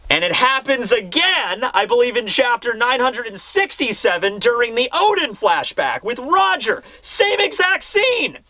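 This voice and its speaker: An animated young man reviews a manga chapter in casual chat, jumping into scenes as he talks. His voice is high and bright, recorded dry and close. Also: measured pace, hardly any pauses, no room sound.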